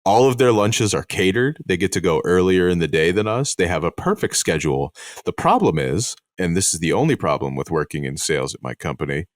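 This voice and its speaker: A man's voice: low-pitched, animated, brisk, dry recording, studio quality. A man co-hosting a comedy podcast, playfully building jokes. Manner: playful, bit-building, laughs often. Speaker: podcast co-host. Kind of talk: improvised comedy chat.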